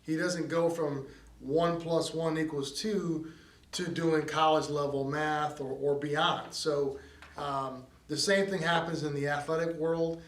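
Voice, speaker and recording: A middle-aged man speaks as a baseball coach, earnest and conversational, with plenty of fillers and restarts. His voice sits a bit high. The sound is roomy and comes from a distance. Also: fairly even intonation, measured pace. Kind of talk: direct-to-camera advice talk.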